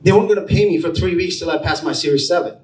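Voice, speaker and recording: A middle-aged man from India, speaking at a business brunch and telling his story in an animated way, acting out the dialogue. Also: on the high side, very fast. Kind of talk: motivational storytelling to a small audience. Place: event room at a brunch. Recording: roomy, distant mic, faint room noise.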